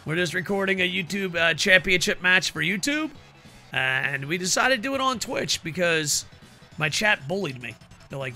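Streamer guy, high and gravelly, bright edge, game music under him, playful announcer bits. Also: big pitch swings, moderate pace. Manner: playful, ring-announcer flourishes, talks to chat. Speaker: streamer commenting on a wrestling video game. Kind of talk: casual live-stream commentary.

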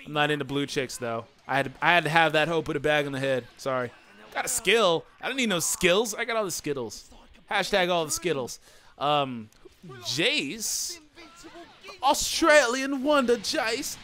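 Excitable, lively gaming commentator man. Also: fairly high pitch, brisk. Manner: excitable, yelling and taunting at opponents. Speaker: gaming channel host. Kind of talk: let's play commentary.

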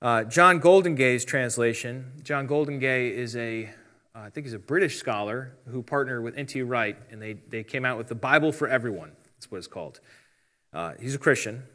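A man with a bright, forceful voice of middling pitch gives a relaxed Bible lesson. He talks conversationally and walks through each point step by step, reading passages aloud as he goes. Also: normal speed. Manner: conversational, explains step by step, reads out translations. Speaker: Bible teacher. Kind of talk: casual teaching talk.

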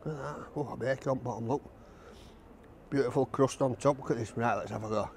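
A food reviewer sits outdoors giving a casual review of a takeaway to camera, chatting and gushing over every bite. His medium-pitched voice is a little fast and a little mellow, with vocal fry, and a slight hiss or hum sits in the recording.

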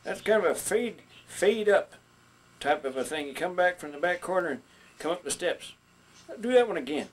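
A man speaks in a high-pitched, expressive voice at a moderate pace, playing a folksy older male puppet. As a puppetry instructor in a skit, he chats with the audience about stage entrances in a folksy, chatty way, trailing off into hesitant fillers.

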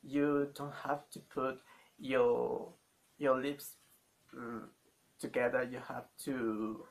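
A man teaching a language lesson, speaking slowly and haltingly and repeating each sound many times for learners. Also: mid-range voice, fairly even intonation, slight background noise. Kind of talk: slow spoken language lesson.

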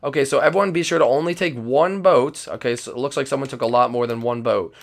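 A man hosting and playing the lead in a game role-play, excitable and yelpy. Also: mid-range voice, fast talker, creaky. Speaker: role-play host and narrator.

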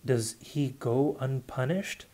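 A man's voice: medium pitch, slow, warm tone. A man reading aloud, voicing a bitter young man who snarls threats. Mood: vengeful.

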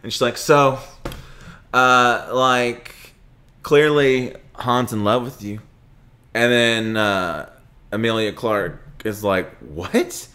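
A young man hosting a podcast, chatting casually and retelling movie scenes in a rambling, animated way. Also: medium pitch, slow. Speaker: podcast host. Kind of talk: casual movie review chat.

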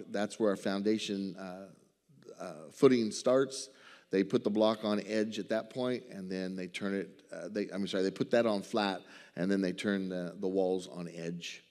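A male missionary with a Southern US accent, telling a folksy story to a church and acting out the conversations. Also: on the low side. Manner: folksy storytelling, acts out dialogue. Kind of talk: church mission report with slides. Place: church sanctuary. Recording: reverberant church hall.

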